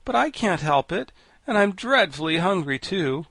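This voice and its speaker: A man's voice: high-pitched, big pitch swings, moderate pace, fairly bright tone, no room sound, voice pushed up, full character voice. Man doing a meek, polite young boy.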